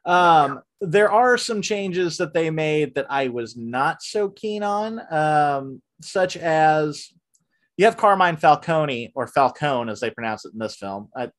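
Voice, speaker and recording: A man hosting a casual podcast, reviewing a film with lots of fillers and restarts, and breaking into animated rants. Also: a little high, slow pace. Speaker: podcast host. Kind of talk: casual movie review chat.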